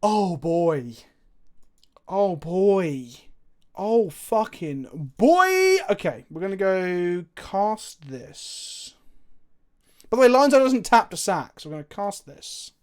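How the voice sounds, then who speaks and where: A high-pitched man speaks slowly and clearly, his tone resonant, as he works through a card game on a live stream. Excitable and profane, he thinks out loud into his desk mic.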